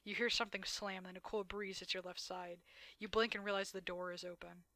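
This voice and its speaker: A woman's voice: mid-range voice, level tone, brisk, bright, forceful tone, dry recording. A woman streamer reading a dating game aloud, dramatic narration broken by blunt, swearing asides.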